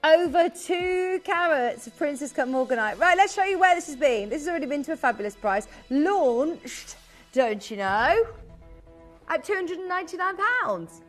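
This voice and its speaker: A young British woman presenting a live TV shopping show, gushing and chatty with quick asides. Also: high voice, expressive, faint music behind.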